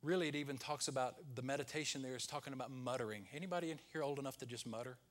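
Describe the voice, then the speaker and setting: Man preaching with loud swells. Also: medium pitch, racing. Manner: preaching with loud peaks and hushed, whispered quotes. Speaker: pastor. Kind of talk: sermon.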